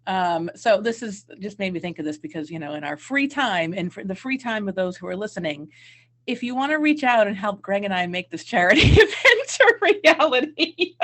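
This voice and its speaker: A woman's voice: mid-range voice, sing-song, moderate pace, a bit bright, slight background noise. A woman with a mid-range voice co-hosts a podcast. She keeps her banter playful and teasing, with an easy giggle running through her talk. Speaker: podcast co-host. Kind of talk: casual podcast chat.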